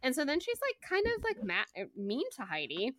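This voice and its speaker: A woman's voice: high-pitched, wildly swooping pitch, a little fast, fairly bright tone, no echo, studio quality. A young woman co-hosting a podcast, chatting casually about a book and retelling scenes with quoted voices. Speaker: podcast co-host. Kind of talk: casual book-club chat.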